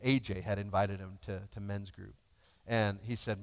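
A man's voice: on the low side, level tone, normal speed, few pauses. A male pastor giving a sermon in a conversational, emotional way, joking with his congregation. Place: church sanctuary. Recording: long hall reverb.

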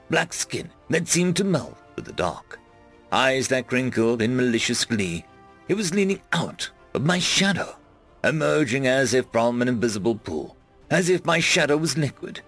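An expressive male narrator reading a fantasy web serial in first person, his voice rising and dropping dramatically through the action. Mid-range pitch with a lively melody, and faint music running softly underneath. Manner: expressive, dramatic pitch swings, shouted dialogue. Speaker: audiobook narrator.

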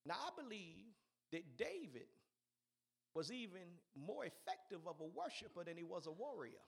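A man's voice: high voice, sing-song, moderate pace, creaky, husky. A man preaching a sermon in an emphatic, repetitive way, urging his listeners on.

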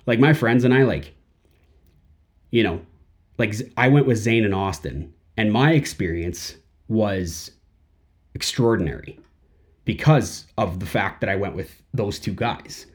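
A man's voice: lowish voice, animated, unhurried, long pauses. A man hosting a podcast in a casual monologue, rambling and full of fillers. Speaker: podcast host.

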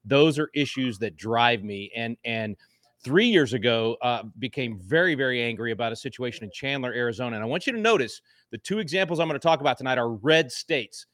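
A man's voice: medium pitch, animated, brisk, a bit bright, dry recording, clean studio sound. A middle-aged man appearing as a guest, speaking with fervent anger and frequent restarts. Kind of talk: impassioned talk show commentary.

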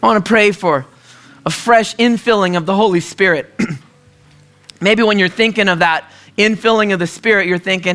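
A man from the US Northwest preaching a conversational sermon, telling stories and often clearing his throat. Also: sits high, normal speed, pushed and bright, soft background music. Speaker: pastor.

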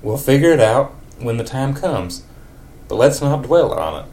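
A man's voice: medium pitch, lively intonation, moderate pace, darkish tone, pitched above the performer's own voice, natural voice. A man voicing an earnest man in a put-on country accent, speaking in a reassuring drawl. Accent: put-on rural American.

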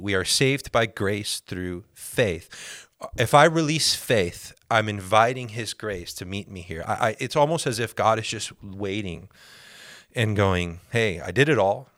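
A man's voice: on the low side, animated, measured pace, fairly bright tone, no room sound, studio quality. A man hosting a faith podcast, teaching in an earnest way, repeating key phrases and acting out prayers in the first person. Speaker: podcast host.

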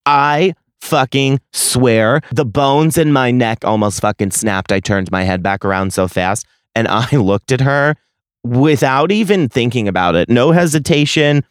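A man's voice: medium pitch, expressive, a little slow, smooth, dry recording, clean studio sound. A man in his late twenties hosting a solo podcast, telling a story in a profane, exasperated, sarcastic rant. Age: late 20s. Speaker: podcast host.

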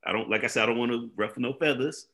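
A man hosting a casual interview who asks his questions carefully and gently. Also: medium pitch, rapid-fire. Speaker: host.

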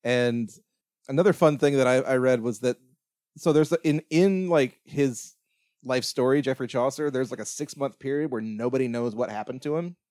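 A man hosts a relaxed movie podcast, rambling through the plot with jokes and easy laughter. His voice sits at an average pitch and the sound is dry and close. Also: moderate pace, no room sound. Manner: rambling, jokey, laughs often. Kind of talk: casual movie podcast chat.

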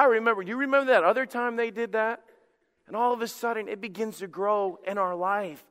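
High-voiced pastor preaching in a reverberant hall. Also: male voice, smooth. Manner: animated preaching, acts out quoted voices, repeats words. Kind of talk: sermon.

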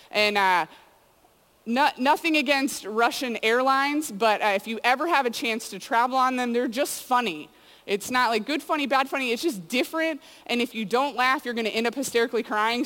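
A woman's voice: on the high side, a bit bright. A woman giving a casual sermon to students, telling stories in a chatty way full of "like" and "you know". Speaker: youth speaker. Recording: long hall reverb.

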